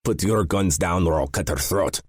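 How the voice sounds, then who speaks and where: A man's voice: deep voice, moderate pace, breathy edge, no room sound, clean studio sound, voice pushed up. A man voicing a taunting adult male Russian mobster with a Russian accent. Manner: sneering, taunting.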